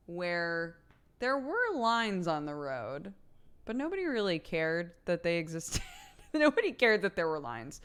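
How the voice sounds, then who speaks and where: A woman's voice: fairly low pitch, fairly bright tone, clear, resonant tone. A young woman streamer chatting casually late at night with her viewers, laughing often and reading chat aloud.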